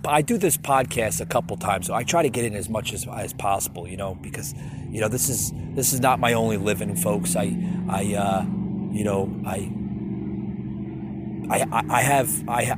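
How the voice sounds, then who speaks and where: A man's voice: on the low side, noisy background. A man hosting a solo podcast, ranting in a repetitive, stammering way and calling his listeners folks. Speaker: podcast host.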